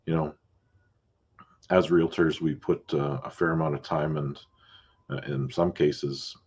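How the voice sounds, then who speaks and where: A deep-voiced, husky man hosts a podcast in an easygoing, chatty way, drifting into asides as he talks. The sound is muffled and lo-fi. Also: a little slow. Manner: relaxed, chatty, with fillers and asides. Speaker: podcast host, realtor. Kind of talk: casual chat.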